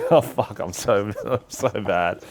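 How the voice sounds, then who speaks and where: A man's voice: fairly low pitch, takes it slowly, vocal fry. A man hosting a podcast, blunt and joking, swearing freely in casual banter. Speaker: podcast host.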